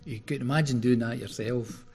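A man preaching a sermon, retelling a story in an animated way with sudden rises in his voice. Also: medium pitch, moderate pace, husky.

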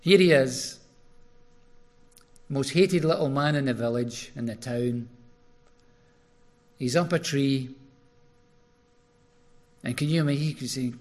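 A man preaching a sermon, retelling a story in an animated way with sudden rises in his voice. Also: mid-range voice, normal speed, long pauses.

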